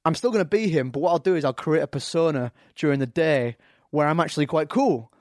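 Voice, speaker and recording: A man's voice: a little high, fast talker, no echo, clean studio sound. A man with an English accent, a guest talking casually on a podcast, hesitant with fillers and restarts. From England. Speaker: actor guest.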